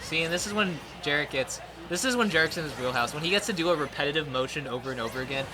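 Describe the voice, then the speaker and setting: A man commentating a live fighting-game match, jokey and excitable, breaking into loud yells at big plays. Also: on the high side, racing, a crowd in the background, poor audio. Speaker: esports commentator.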